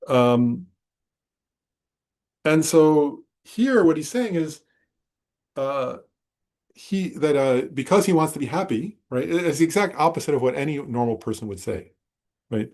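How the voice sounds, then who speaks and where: A man teaching a Buddhist class in a relaxed, conversational way, often checking in with his listeners and correcting himself as he goes. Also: a little high, measured pace, pauses often. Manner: conversational, self-correcting, frequent "right?". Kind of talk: informal dharma talk. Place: meditation center class.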